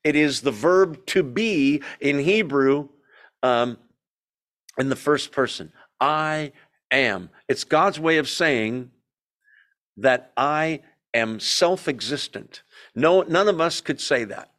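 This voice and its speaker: A man's voice: fairly high pitch, expressive, slow pace, fairly bright tone. A man teaching a Bible study in a conversational way, asking the group questions and telling the story with energy.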